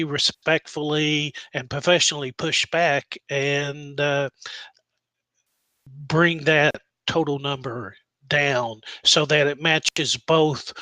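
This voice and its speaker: A man, a nurse practitioner student, giving measured, earnest interview answers with frequent pauses and fillers. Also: fairly high pitch, bright, forceful tone, no echo, low-quality recording.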